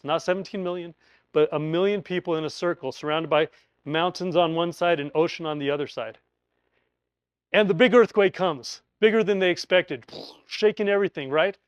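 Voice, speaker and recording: A man teaching emergency preparedness, talking through a scenario in an animated storytelling way and acting out quoted voices. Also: a little high, clean tone, no room sound.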